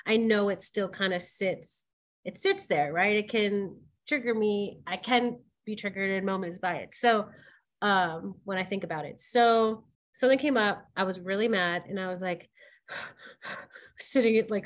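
A woman co-hosting a podcast with an everyday middle pitch. She speaks in loose, animated conversation, with filler words and quick laughs running through her stories. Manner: animated storytelling, frequent "like" fillers, bursts of laughter. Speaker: podcast co-host. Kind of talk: candid conversational chat.

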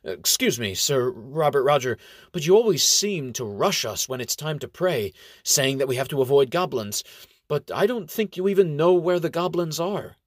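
A man's voice: fairly high pitch, animated, moderate pace, dry recording, studio quality, pitched above the performer's own voice. Man doing a fiery little gnome monk. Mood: needling. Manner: needling, sarcastic retorts. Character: tiny hot-tempered gnome monk, male, argumentative.

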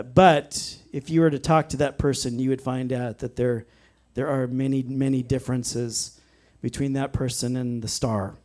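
A man preaching a sermon in a church, earnest and emphatic, slowing down to stress key phrases and reading scripture aloud. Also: medium pitch, mellow. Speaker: pastor.

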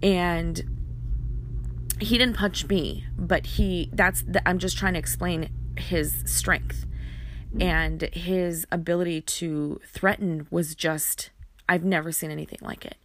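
A woman telling a personal story in a halting way, often repeating words and using fillers. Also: on the low side, steady tone, a little hiss or hum.

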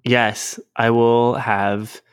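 A man's voice: medium pitch, little pitch movement, extremely slow, clear, resonant tone, dry recording. Guy cohosting a chill podcast, swears a lot, laughs easy, dry close sound. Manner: loose and swearing, laughing easily. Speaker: podcast co-host. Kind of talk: casual podcast chat.

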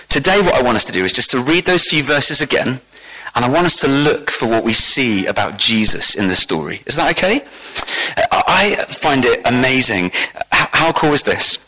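A man delivers a sermon with a bright, forceful voice. He preaches in an animated way, climbing in pitch and volume to drive points home and putting questions to the congregation. His voice sits in an ordinary middle register for a man. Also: low-quality recording.

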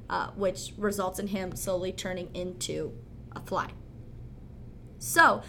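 A woman's voice: fairly high pitch, bright, forceful tone, slight background noise. A woman co-hosting a podcast, explaining facts plainly in casual chat with "uh" and "um" fillers. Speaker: podcast co-host.

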